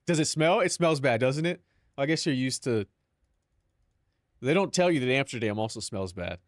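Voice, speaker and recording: A man's voice: medium pitch, lively intonation, normal speed, dry recording, clean studio sound. A young man chatting casually on a live stream, joking and mock-dramatic with lots of filler words.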